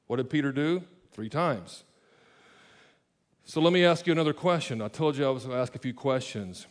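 A man's voice: fairly high pitch, a little fast. Casual man preaching a sermon. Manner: casual, explanatory, asides and self-corrections. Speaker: pastor. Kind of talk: conversational sermon.

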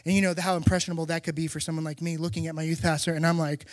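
A middle-aged man preaching a sermon, telling stories with animated, emphatic repetition. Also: a little high, rapid-fire, no echo. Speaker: pastor.

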